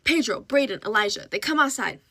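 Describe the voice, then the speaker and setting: A woman's voice: on the high side, big pitch swings, fairly quick, gravelly, bright, forceful tone, no room sound, clean studio sound. Rambling woman telling a storytime. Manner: rambling, filler-heavy, acts out quotes. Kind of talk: casual storytime monologue.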